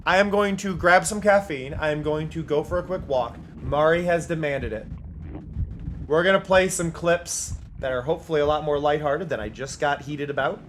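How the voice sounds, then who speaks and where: A streamer from the United States talking live over gameplay, emphatic and worked up, repeating key points, at other times reading game text aloud in a playful, mocking way. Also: male voice, fairly high pitch, normal speed, a bit bright, a little hiss or hum. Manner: heated ranting, emphatic repetition.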